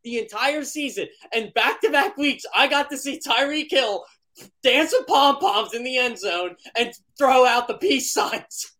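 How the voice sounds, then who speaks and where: Chatty, lively-voiced sports co-host. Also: male voice, very high-pitched, unhurried. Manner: chatty, joking, storytelling. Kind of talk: casual sports talk.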